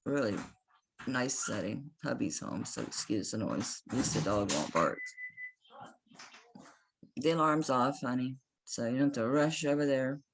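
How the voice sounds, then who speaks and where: A woman with a Southern US accent, chatting casually at home as she shows jewelry for sale, impatient and quick to laugh at herself. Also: extremely low pitch, noisy background. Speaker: online jewelry seller. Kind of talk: casual selling vlog.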